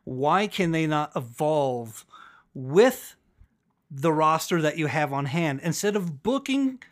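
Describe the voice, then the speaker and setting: A man co-hosting a podcast, chatting casually in a rambling, profane, animated way. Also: on the high side, slow pace. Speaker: podcast co-host. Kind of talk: casual chat about wrestling.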